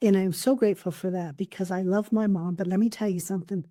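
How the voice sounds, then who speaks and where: Woman, therapist, casual podcast chat, earnest storytelling, mellow tone, dry sound. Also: mid-range voice, fairly even intonation, quick pace, dry recording. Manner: earnest storytelling, warm anecdotes. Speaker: coach and therapist.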